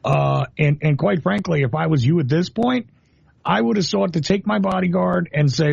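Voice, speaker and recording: A man's voice: on the high side, normal speed, creaky, a little mellow, slightly rough, muffled recording. A man hosting a talk radio show, asking probing questions in long run-on sentences.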